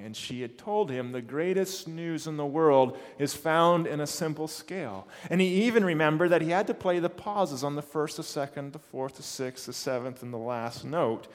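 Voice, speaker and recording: A man preaching to a church congregation, telling a story with measured, dramatic pacing. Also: mid-range voice, long reverb tail. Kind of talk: sermon storytelling.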